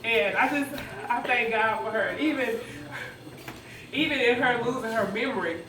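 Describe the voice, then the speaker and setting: A woman's voice: on the high side, normal speed, noisy background. A woman giving a eulogy for her grandfather, talking conversationally and laughing through her grief. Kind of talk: emotional memorial speech. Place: church funeral service. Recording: echoey hall, distant mic, crowd.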